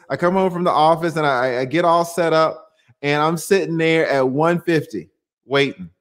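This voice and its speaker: A man hosting a casual livestream, talking in an animated, rambling way with many restarts. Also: on the high side. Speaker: livestream host.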